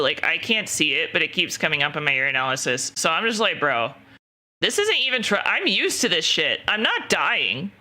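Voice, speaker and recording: A woman streamer chats openly with her viewers in a loose, rambling way, full of fillers and casual swearing. Her voice is very bright and sharp-edged. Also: deep voice.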